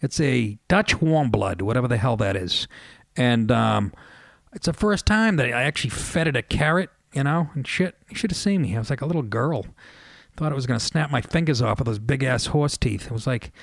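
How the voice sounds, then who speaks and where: A man's voice: medium pitch, expressive, fairly quick, vocal fry, dry recording, studio quality. A middle-aged man hosting a radio show, telling stories in a casual, profane, self-mocking comedic monologue.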